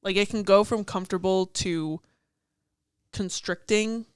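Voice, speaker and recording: Smooth-voiced young woman chatting about lyrics. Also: mid-range voice, fairly even intonation, measured pace, no room sound, clean studio sound. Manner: chatty, fond of "like", swears casually. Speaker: podcast co-host. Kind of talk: casual chat about song lyrics.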